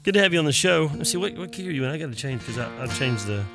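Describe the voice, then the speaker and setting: A man's voice: a little high, expressive, rapid-fire, creaky, fairly bright tone. A man in his fifties hosting a live music stream, chatting in a playful, goofy, rambling way. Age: 50s. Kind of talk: casual live-stream chat.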